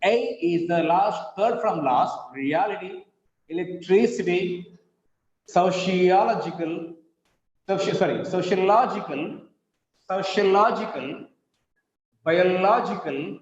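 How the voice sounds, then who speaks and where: A man teaching an English pronunciation lesson, spelling words out letter by letter and repeating each word slowly several times. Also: high voice. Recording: echoey room, dull lo-fi sound.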